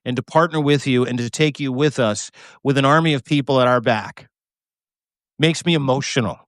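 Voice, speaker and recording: Male co-host, emphatic and choked up, swears for emphasis, close dry mic, mid-pitched voice. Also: a little fast, dry recording. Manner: fervent, emphatic, swears, repeats words. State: choked up with emotion. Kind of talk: passionate live-stream chat. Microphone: remote video call.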